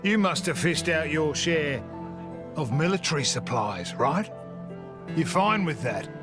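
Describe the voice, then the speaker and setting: An actor playing a blunt, world-weary middle-aged mercenary captain in a video game, with a broad, exaggerated Australian accent and a rough drawl. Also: male voice, fairly high pitch, animated, measured pace. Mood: gruff. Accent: broad exaggerated Australian (Bogan). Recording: game audio with music behind.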